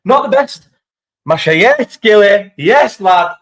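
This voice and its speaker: Young scouse lad rambling and swearing through a live chat on his phone, voice a bit on the high side. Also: slow pace. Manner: sweary, rambling, excitable banter. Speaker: live stream host. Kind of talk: casual live chat reading out viewer comments.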